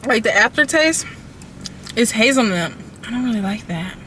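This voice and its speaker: A woman vlogging casually to her phone from her car, chatty and quick to laugh. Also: on the high side, animated, bright, forceful tone. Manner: chatty, laughs often, loose and playful. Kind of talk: casual vlog chat to camera. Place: in a car at drive-thrus. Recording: noisy car with traffic around.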